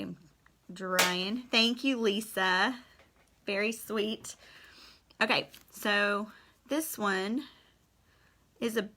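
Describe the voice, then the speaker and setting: Bright chatty woman teaching painting. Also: mid-range voice. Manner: chatty, friendly, says "y'all". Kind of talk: live-streamed painting demo.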